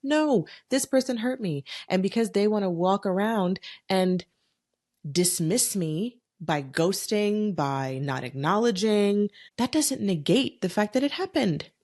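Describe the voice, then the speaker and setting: A woman's voice: medium pitch, lively intonation, unhurried, a little mellow. A woman hosting a solo podcast, talking bluntly with lots of swearing and emphatic rhetorical questions. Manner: talks herself through feelings aloud. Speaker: podcast host.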